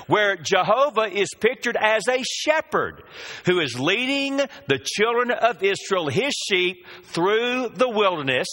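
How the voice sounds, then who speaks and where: A man's voice: fairly high pitch, sharp tone. A man preaching a sermon, drawing out the scripture quotes with emphasis.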